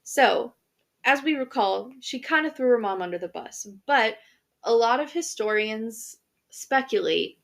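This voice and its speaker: A woman's voice: mid-range voice, creaky, fairly bright tone. Young woman, podcast co-host, casual storytelling, chatty, filler words. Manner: chatty, many fillers and restarts, laughs easily. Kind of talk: casual chat, retelling history.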